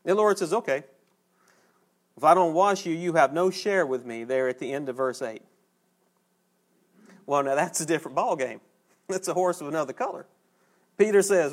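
A man delivers a sermon, his voice sitting a little high. He talks to the congregation conversationally and slows down to stress key phrases. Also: lively intonation. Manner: folksy, conversational preaching with emphatic pauses. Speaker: preacher.

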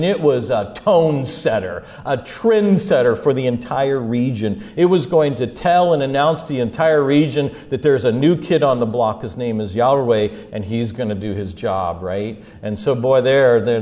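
A man giving an animated sermon, retelling Bible stories and swinging from quiet asides to loud, emphatic peaks. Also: medium pitch. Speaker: speaker teaching on faith and mental health.

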